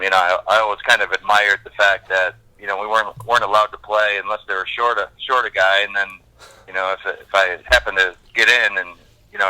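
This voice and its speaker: A man's voice: fairly low pitch, pushed and bright. A man chatting as a guest by phone, rambling with many fillers and restarts. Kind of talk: casual phone interview. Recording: phone line.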